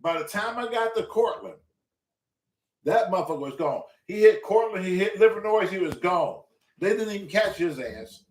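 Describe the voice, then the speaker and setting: Hosting a casual talk show, a high-pitched man tells a story about his neighborhood, swearing freely and animatedly hammering home each point. He speaks at normal speed, far from the mic, his voice echoing through a roomy space.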